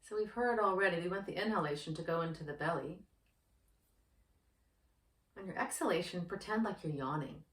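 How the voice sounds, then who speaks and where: A woman who works as a yoga therapist, guiding a breathing practice in a slow, gentle, soothing manner. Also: medium pitch. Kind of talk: guided breathing instruction. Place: indoor room with yoga mat. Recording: roomy, distant from the mic.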